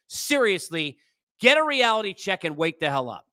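A man's voice: high voice, huge pitch swings, normal speed, sharp tone, no echo. A man hosting a sports podcast, delivering an exasperated, lecturing rant that scolds his listeners. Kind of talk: ranting sports commentary.

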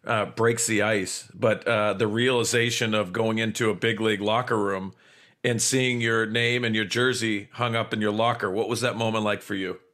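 A man co-hosting an interview, asking halting questions and restarting them. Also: lowish voice, steady tone, fairly bright tone. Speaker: interviewer, co-host.

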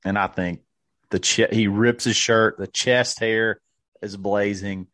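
A man co-hosting a casual podcast, animated and playful in banter. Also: fairly low pitch, slow pace, no echo. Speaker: podcast co-host.

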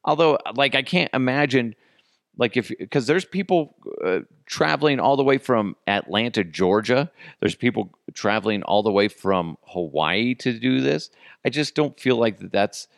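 A man's voice: medium pitch, expressive, moderate pace, gravelly, no room sound, studio quality. A man hosting a podcast, talking casually and rambling offhand, with frequent restarts. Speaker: podcast host. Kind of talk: casual solo commentary.

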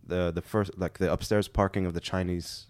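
A man's voice: low-pitched, flat delivery, moderate pace, a little mellow, no room sound. A young man from Canada casually telling a story on a podcast, laughing as he acts out the other people's lines.

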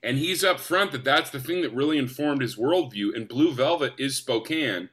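A young man from the United States, an actor guest, telling stories in an enthusiastic, animated way. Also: medium pitch, normal speed. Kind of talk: casual storytelling.

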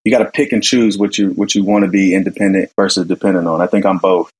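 Man, low voice, husky edge, casual podcast guest, rambling stories with restarts. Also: fast talker, rough recording. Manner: relaxed storytelling with laughs and many restarts. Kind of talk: casual conversation.

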